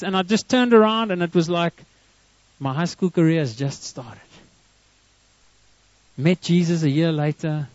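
A man's voice: sits high, no room sound. A middle-aged man with a South African accent, preaching in a conversational storytelling manner, often restarting his sentences. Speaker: pastor. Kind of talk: sermon. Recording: dull, muffled dry recording.

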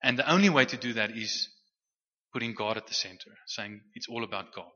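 Bright-voiced preacher man, stammering. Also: mid-range voice, brisk, slight background noise. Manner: conversational with frequent restarts and stammered repeats. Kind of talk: sermon teaching. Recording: muffled sound with long hall reverb.

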